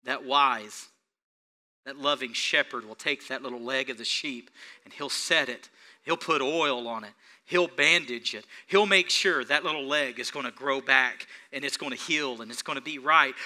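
A male pastor preaching a sermon, speaking straight to his congregation and swinging between hushed, tender passages and loud, rising ones. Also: medium pitch, moderate pace. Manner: repetitive, direct address to congregation.

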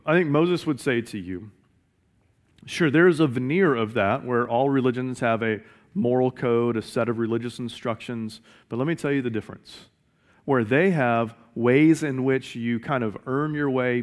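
A man preaching a sermon in an earnest way, often repeating key phrases for emphasis. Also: medium pitch. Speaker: pastor.

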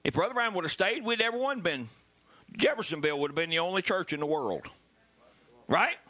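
A man preaching a sermon as pastor, animated and bursting into loud emphasis. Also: sits high, fast.

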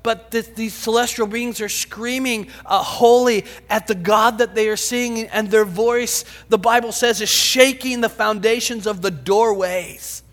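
A high-pitched man delivers a sermon, swinging dramatically between shouts and hushed whispers. His voice rings with a long reverb in a large church hall. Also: steady tone, measured pace, few pauses. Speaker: pastor.

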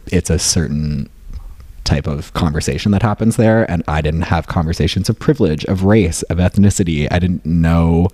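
A man's voice: low voice, moderate pace, mellow, dry recording. A young man from rural upstate New York, chatting casually as a guest, rambling with many fillers and restarts. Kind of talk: casual chat.

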